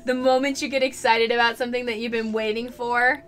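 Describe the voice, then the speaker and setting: A bright, fairly high-pitched woman chatting her way through a game stream from a desk mic. She rambles along, then breaks into excited squeals and giggles. Soft game music plays faintly behind her. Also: a little fast, few pauses. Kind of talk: casual game-stream chat.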